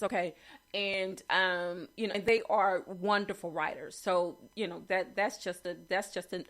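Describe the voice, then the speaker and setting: A woman's voice: mid-range voice, a bit bright. A woman talking casually through writing quotes, with many fillers and restarts and asking "okay?" often. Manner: chatty, frequent fillers and restarts, asks okay. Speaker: host reviewing writing quotes. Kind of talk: casual commentary reading quotes.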